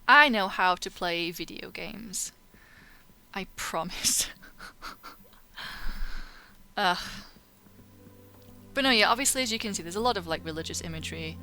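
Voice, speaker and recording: Woman, let's play host, casual commentary, self-mocking, jokey, bright crisp voice, faint game music behind. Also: mid-range voice, lively intonation, unhurried, long pauses. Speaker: gaming video host.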